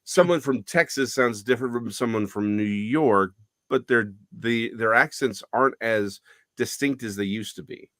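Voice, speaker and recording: A man talking as a guest in a casual conversation, lively and chatty with frequent self-corrections. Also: mid-range voice, moderate pace, dry recording.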